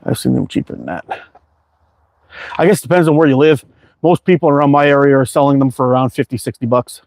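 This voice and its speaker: A man's voice: medium pitch, fast, vocal fry, a little mellow, no room sound. A man hosting a casual livestream from his backyard, reading viewer chat in an easygoing, rambling way with plenty of fillers. He sounds tired and worn out. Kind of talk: casual live chat while target shooting.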